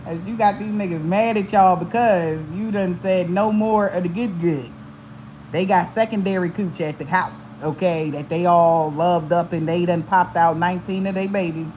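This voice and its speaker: A woman's voice: lowish voice, darkish tone, a little hiss or hum, rough recording. Blunt, laughing woman chatting to viewers. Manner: blunt, profane, laughs often. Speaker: spiritual channel host. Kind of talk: casual chat to viewers.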